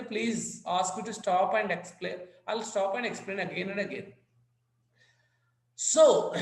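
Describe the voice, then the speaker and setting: This high-pitched physics lecturer, a native Telugu speaker with an Indian English accent, teaches an online class by video call. He's repetitive and addresses students directly, and the low-quality recording carries the echo of the room.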